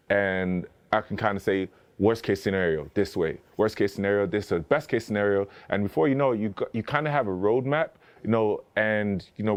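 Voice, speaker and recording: Deep-voiced man telling stories with fillers. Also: a little mellow, highs cut off. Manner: rambling, full of fillers and restarts, acts out quoted dialogue. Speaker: podcast guest. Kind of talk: conversational interview storytelling.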